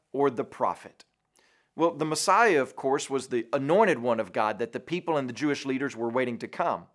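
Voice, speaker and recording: A man's voice: a little high, fairly bright tone. A man delivering a short devotional sermon as a radio preacher, earnest and emphatic, stacking rhetorical questions.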